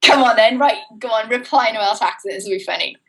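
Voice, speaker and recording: A woman's voice: on the high side, fast talker, crowd noise, low-quality recording. Chatty woman with a British-Australian twang. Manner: chatty, self-mocking, frequent "you know". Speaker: co-host. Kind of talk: casual podcast chat.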